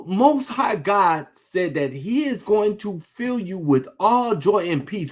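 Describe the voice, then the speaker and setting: A man's voice: high voice, big pitch swings, takes it slowly, few pauses. A man preaching an informal sermon, talking conversationally, repeating phrases for emphasis and asking rhetorical questions.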